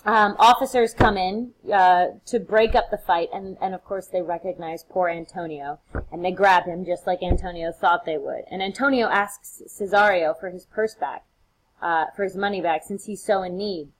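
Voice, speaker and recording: A woman's voice: on the low side, moderate pace, low-quality recording. A woman talks through a play in a recorded lecture. She keeps it casual and chatty and slips into playful, acted-out quotes as she retells each scene. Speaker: literature lecturer.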